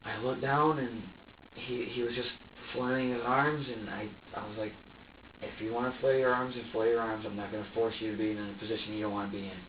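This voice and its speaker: A distressed man answering questions in an interrogation room, halting and stammering as he repeats himself. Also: fairly low pitch, little pitch movement, recorded from a distance, a little hiss or hum. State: distressed and tense. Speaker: interrogation suspect. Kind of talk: recounting events under questioning. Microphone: distant security camera mic. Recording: tinny, echoey security footage from afar.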